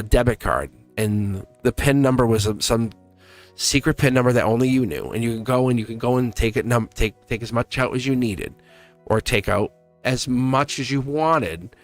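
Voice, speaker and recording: A man hosting a live tarot stream, talking in a rambling, animated way and laughing often. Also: mid-range voice. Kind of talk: casual live-stream chat.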